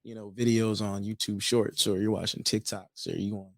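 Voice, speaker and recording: A man's voice: on the low side, level tone, normal speed, gravelly, no room sound. Rambling man, dry close sound. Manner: rambling, hesitant, restarts phrases. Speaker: podcast co-host. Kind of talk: casual podcast chat.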